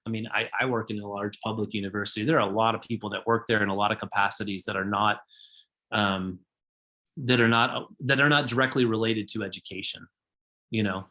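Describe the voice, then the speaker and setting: A man's voice: fairly low pitch, pushed and bright. A man leading an online design workshop over a video call, talking loosely with many fillers and restarts. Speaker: workshop leader and book author.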